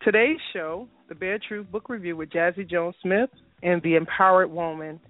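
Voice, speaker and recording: A man reading a slow, measured opening announcement for a live internet radio show. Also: high-pitched, dry recording. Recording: phone-line quality, dry.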